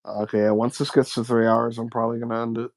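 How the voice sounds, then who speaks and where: A young man streaming, chatting casually with friends in a deadpan, dry teasing manner. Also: mid-range voice, fast, dry recording.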